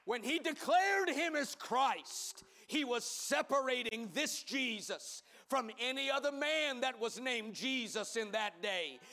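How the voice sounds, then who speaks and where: A man preaching a sermon as pastor, building from measured teaching to fervent shouting. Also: very high-pitched, lively intonation, gravelly.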